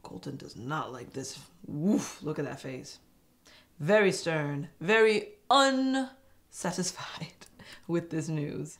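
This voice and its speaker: A woman casually recapping a reality dating show, chatty and animated with sarcastic asides. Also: on the low side, takes it slowly. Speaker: host.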